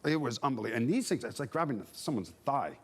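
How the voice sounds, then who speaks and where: A man in his forties, a former player on a sports panel, telling a lively anecdote and acting out the voices of the people in it. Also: medium pitch, quick pace, slightly rough. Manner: animated anecdote teller, acts out dialogue. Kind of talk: casual storytelling on a sports panel.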